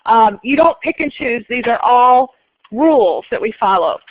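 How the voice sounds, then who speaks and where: Woman instructor, high voice, brisk lecture style, dull dry lo-fi classroom recording. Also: animated, no echo. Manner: brisk, polls students and repeats answers. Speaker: accounting instructor.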